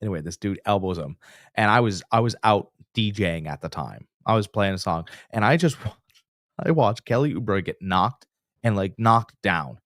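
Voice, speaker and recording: At a moderate pace and with a lowish voice, this co-host of a casual sports podcast tells animated stories and plays out the quotes. The studio sound is clean, without any room sound.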